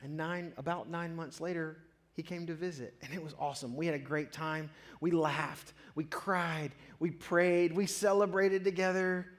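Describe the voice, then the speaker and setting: A pastor preaching a sermon, telling a personal story with earnest honesty and swelling louder as his feelings rise. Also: fairly high pitch, fairly even intonation, normal speed.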